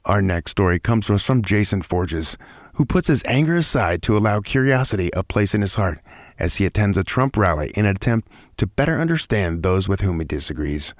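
Host guy with a really low voice reading intros, dry close sound. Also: dry recording. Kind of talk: introducing storytellers.

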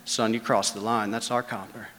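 A man voicing a drunk male copper thief who threatens in a low, quiet drawl. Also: flat delivery, normal speed, big-room sound, close to an everyday voice. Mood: menacing.

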